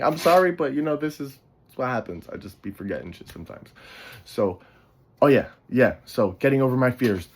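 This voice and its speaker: Yawning and drowsy, a man from the Bronx, New York rambles through stories on his podcast, drifting off track and cursing casually. He speaks at a medium pitch, with a little background noise in the recording.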